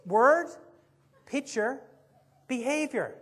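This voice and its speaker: A man's voice: very high voice, animated, drawn-out words, a bit bright, husky. A man giving a motivational seminar to a live audience, joking and quizzing the listeners as he goes. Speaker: motivational speaker.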